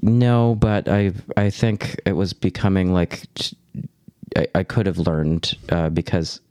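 Picture a man with a very low, deep voice, close on a dry, dead-sounding mic. He recaps a film plot in an even, steady way and trades jokes with friends. The tone is loose and casual. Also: unhurried, dry recording. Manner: joking, reads the synopsis in a plain steady way. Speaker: podcast host.

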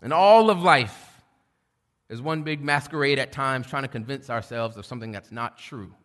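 A middle-aged man preaching a sermon, shifting between loud preaching and quiet storytelling. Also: medium pitch, normal speed. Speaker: pastor. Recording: long hall reverb.

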